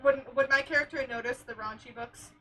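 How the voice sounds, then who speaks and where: A woman playing a tabletop game, giggly and quick to try out character voices. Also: high-pitched, steady tone, distant mic, a crowd in the background, poor audio. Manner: giggly, trying out character accents. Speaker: player. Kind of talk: casual tabletop play.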